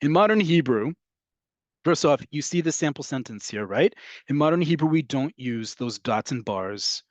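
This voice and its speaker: A Hebrew teacher leads an online class, explaining steadily and frequently checking in with "right?" and "okay?". His medium-pitched voice is animated and moderately paced, with no room sound.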